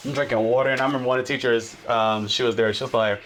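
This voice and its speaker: A male podcast guest in casual chat, telling animated stories and acting out what people said. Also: mid-range voice, very fast, slight background noise. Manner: animated storyteller, acts out quotes.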